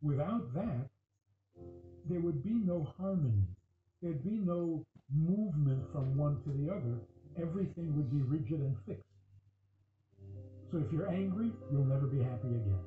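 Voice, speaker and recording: A man with a fairly high, very animated voice teaches a Torah class, firing questions at his listeners. He is heard through a tinny, phone-like recording full of room echo, with faint music behind. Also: normal speed. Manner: questioning, acts out dialogue, laughs often. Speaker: religious teacher.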